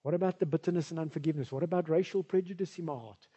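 Husky male preacher. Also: on the high side, racing, mellow, in a large hall, dull audio. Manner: conversational, rambling, with asides and filler. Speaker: pastor. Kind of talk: sermon.

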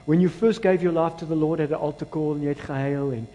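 High-voiced South African preacher, dramatic. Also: male voice, steady tone, quick pace, poor audio. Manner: dramatic swings between loud exclamations and low, quiet asides; switches between English and Afrikaans phrases. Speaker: pastor. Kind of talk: sermon.

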